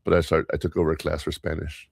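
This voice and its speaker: A man's voice: rumbling low, monotone, quick pace, creaky, no echo, studio quality. A man hosting a podcast, telling workplace stories in a casual, rambling way with lots of fillers and restarts. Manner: chatty storyteller, many fillers and restarts. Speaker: podcast host. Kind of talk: casual chat.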